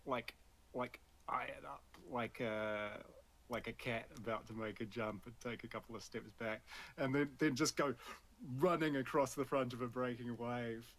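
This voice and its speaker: A man playing a tabletop game, describing his character's moves haltingly with many fillers. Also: medium pitch, a bit bright. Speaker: player.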